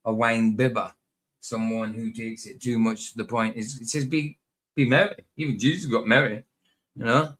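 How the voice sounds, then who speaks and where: A man hosting a podcast in casual chat, laid-back and quick to laugh. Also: mid-range voice, a bit bright. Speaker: podcast host.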